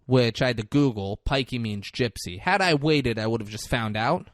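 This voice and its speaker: A man co-hosting a podcast, casually retelling a film's scenes with animated delivery. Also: medium pitch, moderate pace, dry recording, clean studio sound. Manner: animated retelling with lively acted-out quotes. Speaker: podcast co-host recapping a film. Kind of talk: casual chat.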